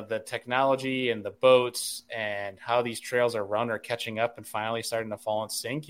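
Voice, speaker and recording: A man's voice: mid-range voice, fairly bright tone. A man co-hosting a fishing podcast, talking casually with many fillers and restarts. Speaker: podcast co-host, fishing industry insider. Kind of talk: casual chat.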